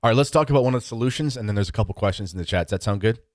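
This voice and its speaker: Relaxed male host, lowish voice, dry close sound, easy chatty delivery. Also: very fast, no room sound. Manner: relaxed and conversational, with fillers. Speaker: podcast host. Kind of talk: casual conversational interview.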